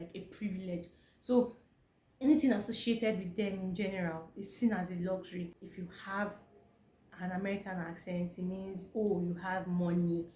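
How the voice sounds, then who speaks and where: A woman's voice: mid-range voice, a little mellow, a little hiss or hum. A young Nigerian woman with a Nigerian accent, talking casually to camera as a vlogger, emphatic and leaning on "like" as she explains. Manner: chatty, emphatic, leans on "like". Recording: echoey room with faint background ambience.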